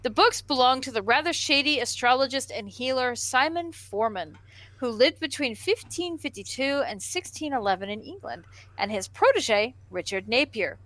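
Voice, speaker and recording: A woman's voice: high voice, lively intonation, moderate pace, a bit bright, no room sound. A woman co-hosting a casual comedy news show, joking and reading an article aloud. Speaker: podcast co-host.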